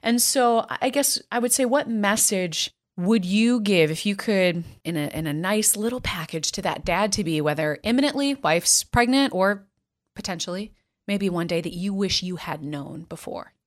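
A woman's voice: mid-range voice, lively intonation, moderate pace. A woman hosting a podcast, talking casually and asking the guest reflective questions. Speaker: podcast host. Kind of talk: casual conversational interview.

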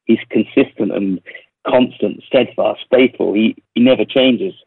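A man with a London accent speaks as a guest on a radio interview, his voice low and husky. He talks thoughtfully, pausing with ums and restarting words. The sound comes over a thin, tinny phone line with no room echo. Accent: London English. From England. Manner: reflective, with frequent ums and repeated words. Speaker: worship leader and recording artist.

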